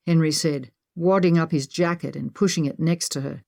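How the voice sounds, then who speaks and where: A woman reading an audiobook in an even, measured narration style. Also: deep voice, vocal fry. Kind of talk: scripted narration.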